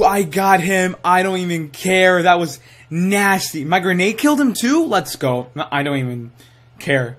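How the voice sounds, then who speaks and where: Young man yelling through gameplay commentary. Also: high voice, a little slow. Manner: excitable, swears, yells at kills. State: tired. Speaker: gaming streamer.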